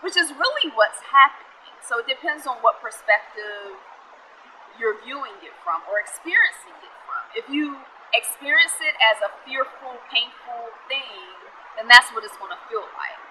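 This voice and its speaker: Young pregnant woman vlogger, very bright and slightly high voice, earnest, easygoing delivery. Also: lively intonation, moderate pace, slight background noise, poor audio. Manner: earnest, explaining with frequent fillers and small laughs. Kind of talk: casual talk to camera.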